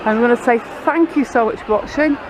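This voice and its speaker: A woman's voice: a little high, a little fast, a crowd in the background. Chatty woman on the street. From Blackpool, England. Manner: chatty, rambling storytelling. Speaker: vlogger. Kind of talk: casual walking vlog narration. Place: outdoors on a busy town street. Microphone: handheld camera mic. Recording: street noise behind.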